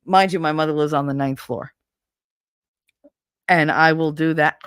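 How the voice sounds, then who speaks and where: Lively New York woman, low voice. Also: unhurried, long pauses, no echo, studio quality. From Brooklyn, New York. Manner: animated, profane, acts out neighborhood voices. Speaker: show host. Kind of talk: casual storytelling chat.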